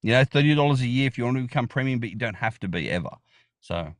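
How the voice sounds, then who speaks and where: A man's voice: mid-range voice, lively intonation, quick pace, no room sound. Chatty Australian man, dry close sound. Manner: enthusiastic, rambling, many restarts and fillers. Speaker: podcast guest. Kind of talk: casual interview chat.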